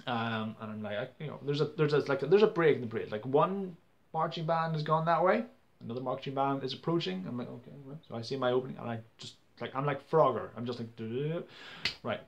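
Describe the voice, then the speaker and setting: A man's voice: mid-range voice, fast, lo-fi sound. A young man, ranting to camera in a casual vlog, exasperated, with many stumbling restarts. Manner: exasperated, stumbling restarts, acts out quoted people loudly. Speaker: vlogger.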